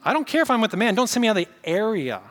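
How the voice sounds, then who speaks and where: Preacher guy doing a squeaky begging demon, high and pleading, big echoey hall. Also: big pitch swings, very fast, fairly bright tone. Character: pleading demon clinging to its territory.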